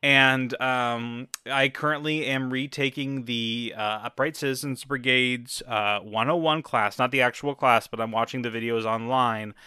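A man's voice: mid-range voice, steady tone, unhurried, few pauses, pushed and bright, smooth, no echo, clean studio sound. A man improvising as a chatty, eager young male assistant who wants to be a comic, rambling on and on. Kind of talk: improvised comedy scene.

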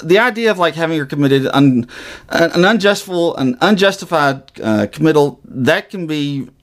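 A man's voice: a little high, animated, normal speed. A man, co-hosting a podcast and casually recapping a TV episode in a rambling way, with many fillers and restarts. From Southern US. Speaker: podcast co-host.

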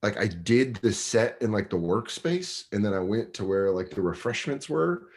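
Animated man telling stories on a podcast. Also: on the low side, normal speed. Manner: animated storyteller acting out quotes. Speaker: comedian guest. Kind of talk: casual podcast storytelling.

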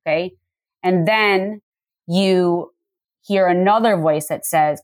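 A woman in her forties talking earnestly as an interview guest, explaining her ideas in a quick, chatty way with filler words. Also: lowish voice, fairly even intonation, no room sound. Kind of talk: candid conversational interview.

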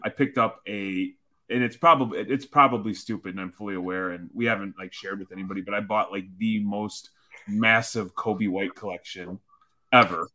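Low-voiced man rambling enthusiastically. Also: steady tone, normal speed, sharp tone. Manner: rambling, with many fillers and restarts, enthusiastic. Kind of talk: casual chat.

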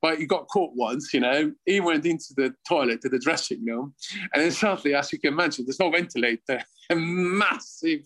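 A Swiss man in his fifties, a former footballer, tells casual stories as an interview guest with a Swiss accent, chuckling often and restarting his rambling sentences. His voice is a little high, a little fast and a bit bright, captured on a low-quality recording.

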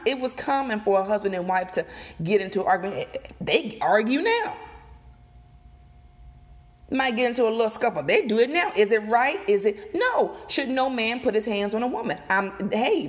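A woman vlogger recording outdoors, giving emphatic, animated opinion commentary and talking straight to her viewers. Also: on the high side, normal speed. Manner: emphatic, animated, repeats and addresses viewers directly. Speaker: gossip vlogger.

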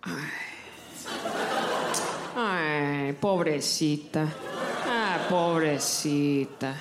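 A woman's voice: roomy sound, very noisy, full character voice. A woman doing a cooing Mexican great-grandma. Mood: teasing. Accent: Mexican Spanish. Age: over 100. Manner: low, drawn-out cooing and clucking. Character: doting old Mexican great-grandmother, teasing and fond. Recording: live stage mic with loud crowd.

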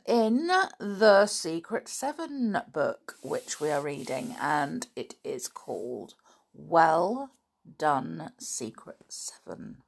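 A woman's voice: fairly low pitch, vocal fry. Woman reading a children's story aloud. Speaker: storyteller podcast host.

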